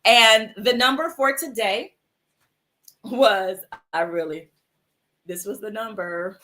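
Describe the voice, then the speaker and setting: A woman's voice: medium pitch, takes it slowly, sharp tone. A woman hosting a livestream mindfulness show, chatting casually with viewers in an affectionate, encouraging way. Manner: affectionate, encouraging, calls viewers "my love" and "sis".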